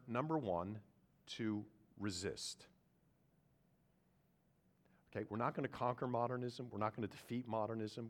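A man preaching a sermon, earnest, moving from quiet reflection to loud, emphatic points. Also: fairly low pitch. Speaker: pastor.

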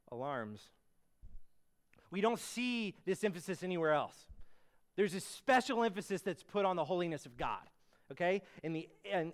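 A man's voice: fairly high pitch, smooth. A man preaching a sermon in an earnest teaching manner, with casual asides and fillers, rising to emphatic bursts on key words. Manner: frequent fillers and restarts, conversational asides.

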